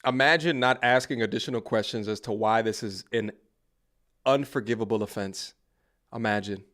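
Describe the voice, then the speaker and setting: A man doing livestream reaction commentary, mocking and lecturing in loud, preachy rants aimed at his chat. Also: mid-range voice.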